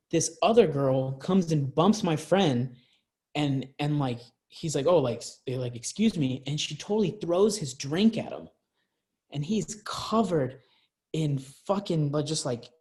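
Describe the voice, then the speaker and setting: A man's voice: on the high side, a little mellow, breathy edge. Rambling young man telling stories. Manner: rambling, many fillers and restarts. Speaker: podcast guest. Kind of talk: casual storytelling.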